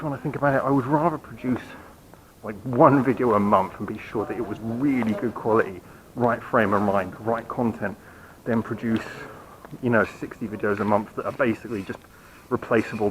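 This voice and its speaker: A man's voice: lowish voice, fairly quick, background noise. A man hosting his channel, giving a rambling, apologetic update while walking outdoors at night and filming on a handheld camera, hiccuping now and then. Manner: rambling, apologetic, self-mocking. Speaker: channel host. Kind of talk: casual walking vlog update. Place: quiet city street at night, outdoors.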